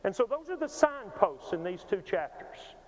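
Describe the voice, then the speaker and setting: A man delivers a Bible lecture in a church in a high, animated voice that rises and falls a lot. He teaches emphatically and conversationally, often stumbling and restarting words. His voice rings out with a long hall reverb. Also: moderate pace. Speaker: preacher. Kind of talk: sermon-style Bible lecture. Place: church auditorium.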